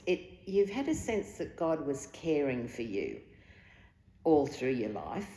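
A woman interviewer asking gentle, measured questions. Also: sits low, creaky. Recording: echoey hall with long reverb.

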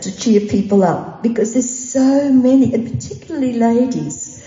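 A woman's voice: a little high, normal speed, mellow. An older Australian woman chatting and telling stories, chuckling and getting a little emotional as she talks. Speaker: guest sharing testimonies. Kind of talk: casual storytelling. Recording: dull echoey hall audio.

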